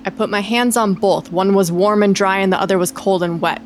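A young woman co-hosting a chatty podcast, with a voice in the middle range for a woman. She is playful and cusses freely, and she drops into hushed tones when she reads a creepy story. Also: mid-range voice, fairly even intonation, fairly quick, a little hiss or hum. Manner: playful, swears casually, reads a spooky tale in a hushed voice. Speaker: podcast co-host. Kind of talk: casual chat, reading a story aloud.

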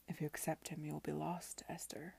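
A woman reading the part of a brooding, possessive young gentleman in a low, hushed, intense way. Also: moderate pace, vocal fry, husky.

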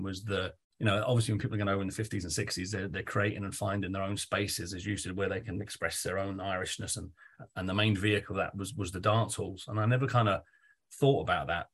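A man hosts the conversation, with a low, deep voice and a husky edge. He talks quickly and casually, telling stories and swearing freely as he goes. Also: fairly bright tone. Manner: rapid, chatty storytelling with casual swearing. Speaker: podcast host. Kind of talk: interview conversation.

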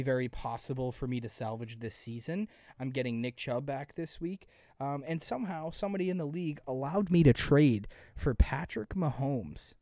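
Young guy chatting fantasy football, kinda high voice, dry close mic, lots of ums. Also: warm tone, dry recording. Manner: rambling, filler-heavy. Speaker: podcast host and editor. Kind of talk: casual sports chat.

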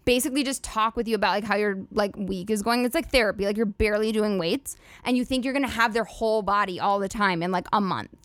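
A woman's voice: mid-range voice, fast talker, few pauses, fairly bright tone, dry recording. A woman hosting a solo comedy podcast, rambling and swearing freely with lots of "like" fillers. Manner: profane, rambling, filler-heavy "like" talk. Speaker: podcast host.

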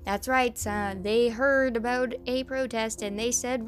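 Faint music sits behind a woman whose slightly high voice stays steady at a measured pace, with hardly any pauses. A podcast host with a Southern American accent that slips in, she reads news stories casually, stumbling over names and making sarcastic comments.

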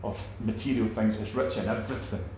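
Animated preacher man, echoey room. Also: fairly low pitch, brisk, slight background noise. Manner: animated, acts out quoted preachers, many restarts. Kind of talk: conversational teaching on faith.

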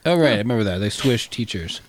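A man co-hosting a podcast in casual chat, laughing often and firing off quick questions. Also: lowish voice, expressive. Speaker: podcast co-host.

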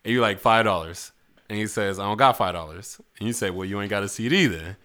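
A man's voice: on the low side, fast talker, sharp tone. A man hosting a casual podcast, putting hypothetical questions to friends and often laughing. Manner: playful, laughs often while asking. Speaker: podcast host reading questions. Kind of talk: casual chat.

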